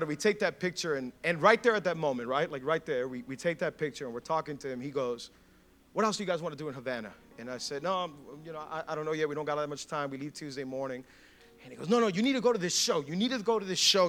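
A male pastor telling a story in a sermon, animated, acting out quotes and laughing often. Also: fairly high pitch.

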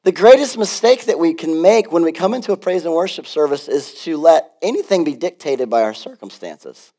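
A man pastor preaching a sermon in an animated, conversational way, with frequent asides. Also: fairly high pitch.

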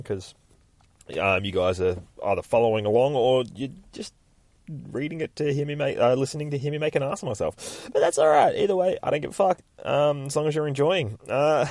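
A man's voice: medium pitch, darkish tone, dry recording. A man hosting a casual podcast, swearing freely and rambling with self-mocking laughs as he talks through a comic book, recorded on a phone. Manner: profane, rambling, laughs at himself. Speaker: podcast host.

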